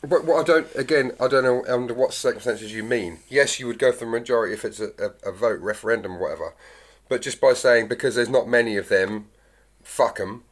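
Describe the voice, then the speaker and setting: A man keeps pressing his point in a casual podcast debate. He asks question after question and returns calmly to his argument. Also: mid-range voice, fast talker. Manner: persistent, questioning, calmly arguing. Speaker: podcast co-host.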